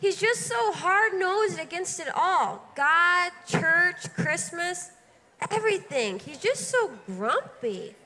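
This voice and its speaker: A woman acting a gentle young woman in a church stage drama, soft and mock-sad. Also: very high-pitched, big pitch swings, slow, a little hiss or hum, heavily acted. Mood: plaintive. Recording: reverberant hall sound.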